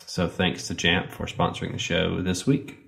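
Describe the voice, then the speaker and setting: A man with a Southern American accent, co-hosting a podcast in a relaxed, rambling way with many fillers. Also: low voice, normal speed, vocal fry. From Southern United States. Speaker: podcast co-host. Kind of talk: casual podcast chat with sponsor reads.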